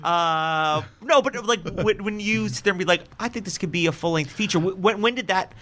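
A man's voice: high-pitched, fairly quick, bright, forceful tone. A man hosting a casual podcast interview, asking rambling, joking questions. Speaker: podcast host.

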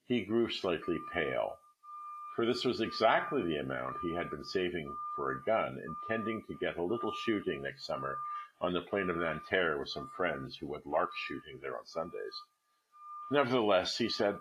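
A man reading a classic short story aloud with expressive literary narration. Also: low voice, normal speed, rough recording.

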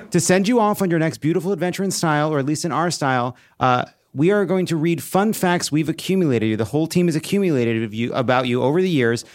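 A man hosting a live show, roasting a departing colleague in a playful, teasing manner. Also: a little high. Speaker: host. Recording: live stage with bagpipe music and crowd.

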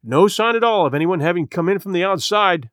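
A man voicing a brisk male county attorney in a story reading, dismissive and businesslike. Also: high voice, expressive, fairly bright tone, no echo, studio quality.

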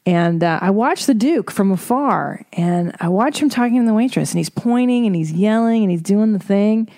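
A woman's voice: mid-range voice, expressive, normal speed, mellow, dry recording, clean studio sound. A woman hosting a podcast, telling a casual story with wry, profane asides. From Eastern Bloc. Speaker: podcast host.

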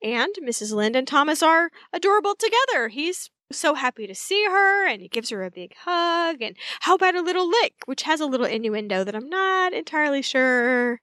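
A woman's voice: sits high, sing-song, moderate pace, few pauses, sharp tone, dry recording, clean studio sound. A woman co-hosting a podcast, retelling scenes in a chatty, amused casual way. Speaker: podcast co-host. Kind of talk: casual recap chat.

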